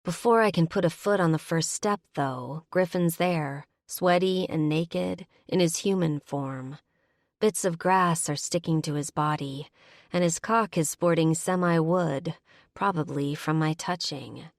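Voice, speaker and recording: A woman narrating a first-person romance audiobook in a measured, intimate way. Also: low voice, no echo, clean studio sound.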